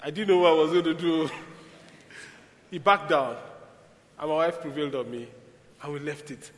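A man preaching a sermon, telling stories in an animated way with sudden loud bursts, in a church hall. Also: fairly high pitch, moderate pace. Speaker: pastor. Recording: echoey hall with long reverb.

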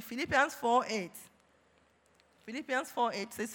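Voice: mid-range voice, a little slow, long pauses, sharp tone. A preacher giving a sermon, reading scripture aloud and breaking in again and again with calls of praise. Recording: long reverb of a large hall.

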